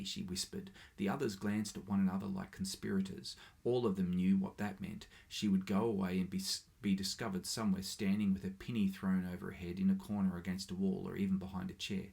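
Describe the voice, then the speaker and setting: A man with a low, gravelly voice reads a short story aloud. He keeps a steady, measured pace, with a few small slips along the way. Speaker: reader.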